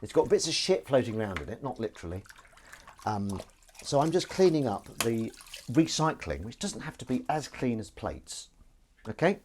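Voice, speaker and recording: A man's voice: medium pitch, sing-song, normal speed, darkish tone, a little hiss or hum. A British man streaming live as he washes up, chatting and joking with viewers in a self-deprecating way. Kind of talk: casual chat while washing dishes. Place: home kitchen at the sink.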